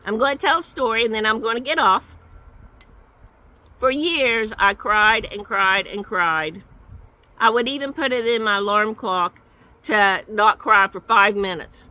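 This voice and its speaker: An older woman giving an earnest personal testimony, telling her story slowly with lots of repetition. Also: a little high, bright, forceful tone, poor audio. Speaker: guest sharing her recovery story.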